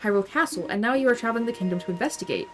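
A woman's voice: medium pitch, animated, very fast, lightly acted. A woman voicing a gracious, polite young female fish-folk noble, reading game dialogue aloud in a formal, courteous way.

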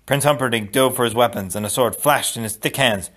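A man reading a novel aloud in a steady, measured narration. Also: medium pitch. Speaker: audiobook reader. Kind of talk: storybook read-aloud.

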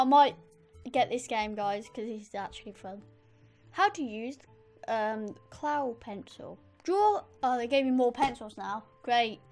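A woman giving chatty let's play commentary, easily excited and talking straight to her viewers. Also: high voice. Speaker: gamer.

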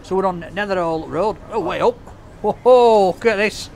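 High-voiced joking man on a street. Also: moderate pace, vocal fry, a little mellow, a little hiss or hum. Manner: jokey, banters with his cameraman. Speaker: takeaway food reviewer. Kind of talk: casual vlog chat to camera. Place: outdoors on a street by a takeaway.

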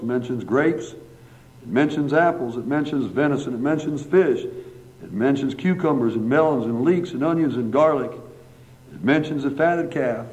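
A man's voice: mid-range voice, darkish tone. A man preaching a sermon in a church hall, then praying, with emphatic rising phrases and long repeated lists. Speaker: pastor. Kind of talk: sermon and prayer. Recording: dull lo-fi church recording.

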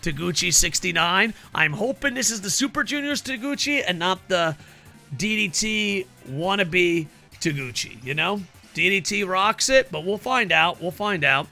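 A man's voice: sits high, lively intonation, normal speed, creaky, pushed and bright, soft background music. A man giving playful live-stream commentary over a wrestling video game, joking with his chat and throwing in ring-announcer flourishes.

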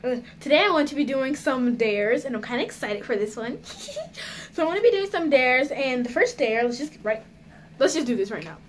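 A woman's voice: sits high, lively intonation, a little fast, slight background noise. A woman chatting casually in a home vlog, giggly and nervous, talking straight to her viewers. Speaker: vlogger. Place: at home indoors.

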